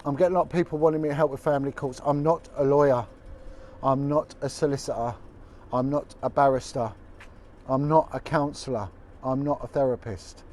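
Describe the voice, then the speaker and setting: A man's voice: medium pitch, steady tone, a little fast, darkish tone. Former detective vlogger, man, colloquial and indignant; a little background noise. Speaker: former detective turned video blogger. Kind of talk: impassioned direct-to-camera update.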